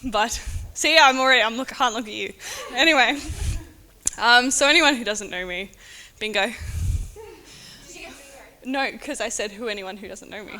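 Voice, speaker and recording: Aussie woman doing a wedding toast, bright sharp voice, giggly and teary, winging it. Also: fairly high pitch, normal speed, pauses often. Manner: nervous, giggly, tearful, chatty. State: shaky and close to tears. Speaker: sister of the bride giving a speech. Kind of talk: unscripted wedding speech. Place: indoor wedding reception venue.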